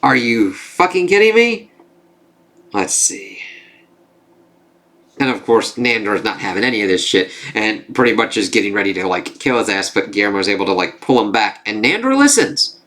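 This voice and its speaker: A man's voice: on the low side, big pitch swings, moderate pace, fairly bright tone. A man recapping a TV episode in a rambling, casual way, swearing freely and using lots of fillers. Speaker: TV reviewer.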